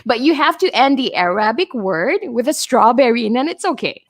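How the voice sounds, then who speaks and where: A woman's voice: a little high, expressive, normal speed. Chatty, laughing woman host. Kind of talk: casual chat with a guest, reading out comments.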